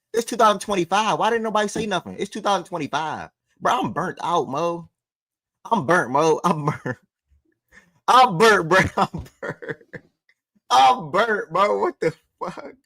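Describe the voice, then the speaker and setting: A young man in his twenties hosts a loose sports talk show and swings his voice up and down with lots of life. His tone is a bit high for a man, with a gravelly edge, and he swears freely while he talks to his viewers. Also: fairly bright tone, no room sound, studio quality. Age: 20s.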